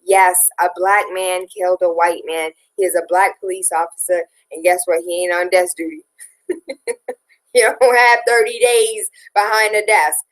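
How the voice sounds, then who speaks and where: A woman's voice: fairly low pitch, little pitch movement, normal speed, low-quality recording. Woman, talk show host, reads headlines, sarcastic asides, opinionated, casual. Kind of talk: casual news commentary.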